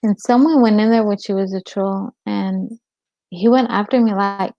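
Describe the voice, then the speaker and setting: A woman's voice: mid-range voice, steady tone, moderate pace, warm tone, dry recording. A woman hosting a casual livestream chat, rambling and answering viewers' comments by name. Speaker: livestream host. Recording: dull lo-fi stream audio.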